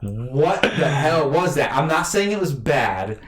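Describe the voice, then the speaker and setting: A man chatting casually as a podcast co-host, reviewing a film in a rambling, animated way with lots of fillers. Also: fairly high pitch, measured pace, reverberant, over loud music.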